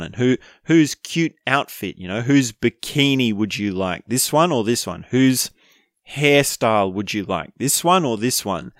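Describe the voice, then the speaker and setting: A man talking casually on his own, chatty and quick to laugh, often ending lines with a questioning "right?". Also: medium pitch, no echo, clean studio sound. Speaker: speaker explaining a topic. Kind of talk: casual monologue.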